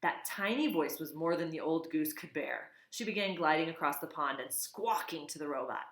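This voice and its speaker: A woman reading a children's novel aloud, expressive, with casual asides. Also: sits low, moderate pace. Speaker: reader. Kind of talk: storybook read-aloud. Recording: echoey room.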